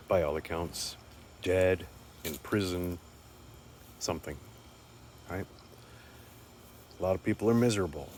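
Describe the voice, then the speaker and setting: A man with a fairly low voice talks in an earnest, rambling way, repeating words as he gathers his thoughts. It sounds like a casual, unscripted monologue. Faint background noise sits under the voice. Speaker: speaker sharing life reflections.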